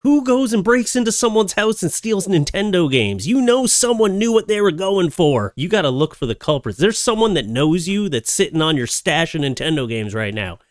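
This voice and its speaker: A man hosting a comedic reaction commentary, animated and joking, slipping into quick silly voices. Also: sits high, no echo, studio quality. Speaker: commentary host.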